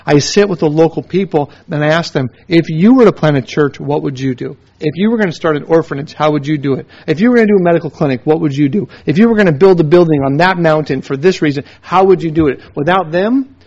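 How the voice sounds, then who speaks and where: A somewhat high-voiced man teaches like a preacher, stacking short emphatic phrases one after another and weaving in stories. The recording is dull and lo-fi. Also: fast talker, hardly any pauses, a little mellow, slightly rough. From United States. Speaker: missionary teacher. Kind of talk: sermon-style teaching with stories.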